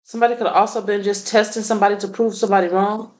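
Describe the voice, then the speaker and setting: A woman's voice: mid-range voice, steady tone, rapid-fire, low-quality recording. A woman doing a casual tarot reading, blunt and profane, laughing often. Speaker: tarot reader.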